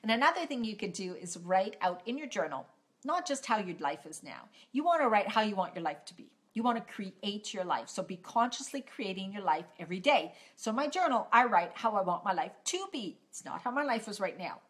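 A woman's voice: mid-range voice, big pitch swings, a little fast, fairly bright tone. A woman health coach giving an upbeat, emphatic motivational talk to camera, recorded on a phone. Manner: upbeat, emphatic, repeats key points.

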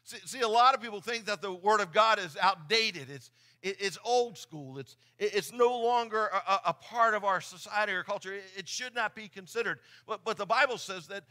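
A man's voice: high voice, pushed and bright. A middle-aged man preaching a sermon in church, earnest and often repeating his words as he talks. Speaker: pastor. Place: church sanctuary.

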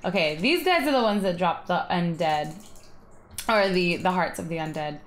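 A woman's voice: on the low side, expressive, normal speed. Chatty woman narrating a game. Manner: chatty, rambling, giggly. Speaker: gaming video host. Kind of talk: casual gameplay commentary.

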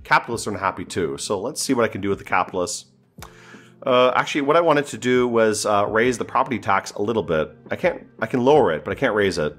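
A man's voice: fairly low pitch, lively intonation, fast talker, fairly bright tone, soft background music. A man giving casual, joking commentary while playing a strategy game, thinking aloud and sounding exasperated. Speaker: gameplay streamer.

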